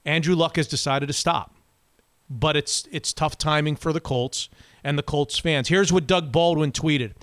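A man hosting a casual sports talk show, animated, with quick back-and-forth and frequent restarts. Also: a little high, no echo, clean studio sound. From Florida. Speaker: sports radio host.

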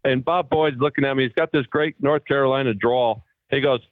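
A man's voice: mid-range voice, brisk, slight background noise. A man on a phone line, casually telling old tour stories and acting out the voices of the people in them. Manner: animated storyteller acting out quoted voices. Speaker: guest golfer. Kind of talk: casual storytelling.

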